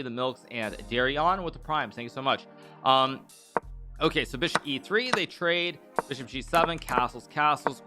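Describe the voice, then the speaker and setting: Bright-voiced man streaming chess analysis. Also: on the high side. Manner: thinks aloud with frequent restarts and fillers, reads out donor thanks quickly. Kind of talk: casual live-stream game commentary.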